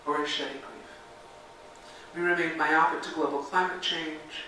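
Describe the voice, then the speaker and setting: A woman's voice: sits low, steady tone, unhurried, sharp tone. A woman minister delivers a reflective sermon and guides a call-and-response meditation. Her voice rings through a very echoey sanctuary, picked up from a distance with a faint background hiss. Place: church sanctuary. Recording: very echoey sanctuary, mic far off.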